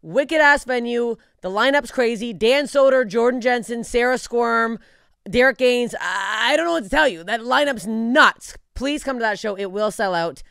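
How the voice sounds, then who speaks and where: A woman's voice: a little high, moderate pace, creaky, fairly bright tone, clean tone, no echo, clean studio sound. A woman hosting a comedy podcast, brash and profane, laughing often in casual chat. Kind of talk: casual chat and tour ad read.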